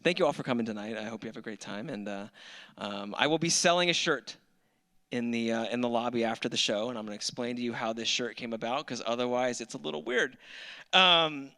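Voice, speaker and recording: Bright-voiced man doing stand-up. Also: medium pitch, fairly quick. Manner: dry, self-mocking storyteller. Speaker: stand-up comedian. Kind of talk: stand-up set. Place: comedy club stage.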